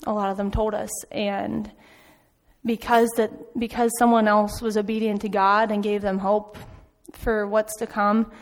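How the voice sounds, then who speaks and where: A woman's voice: mid-range voice, little pitch movement, unhurried. A woman giving an informal sermon in a church, telling stories in a chatty way with frequent ums. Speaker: church speaker back from a mission trip. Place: church sanctuary. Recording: long hall reverb.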